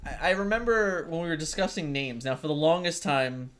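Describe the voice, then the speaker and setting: A man's voice: on the high side, animated, brisk, a bit bright. A young man co-hosting a casual podcast, joking and laughing often as he talks. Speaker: podcast co-host. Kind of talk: casual chat.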